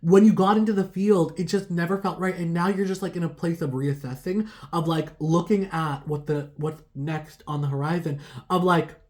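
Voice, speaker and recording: A woman's voice: fairly low pitch, fairly even intonation, normal speed, darkish tone. A woman giving a casual tarot reading to her viewers, rambling with lots of "like" fillers and laughing at herself. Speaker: tarot reader.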